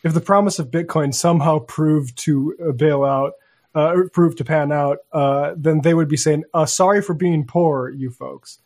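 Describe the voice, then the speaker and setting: A man co-hosting a casual political podcast, talking in a loose, meandering way and pausing mid-thought. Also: fairly high pitch, fairly even intonation, darkish tone. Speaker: podcast co-host.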